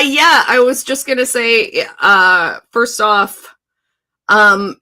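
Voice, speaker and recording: Bright lively woman chatting on a podcast, laughs a lot, acts out the lines. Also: sits low. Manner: animated, laughs often, acts out quotes. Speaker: podcast co-host. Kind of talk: casual chat.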